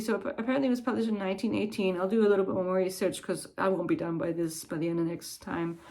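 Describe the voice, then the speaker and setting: A woman's voice: mid-range voice, a little mellow. Female book vlogger, casual and musing, mid-range voice. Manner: thoughtful, digressive musing. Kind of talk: casual chat.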